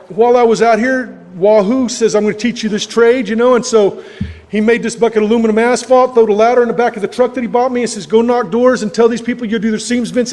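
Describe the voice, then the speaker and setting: High-voiced man, echoey hall. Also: a little mellow. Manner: folksy, rambling storyteller, laughing often at himself. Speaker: recovery meeting speaker. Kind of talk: personal recovery story talk. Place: club meeting hall. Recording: echoey hall with long reverb.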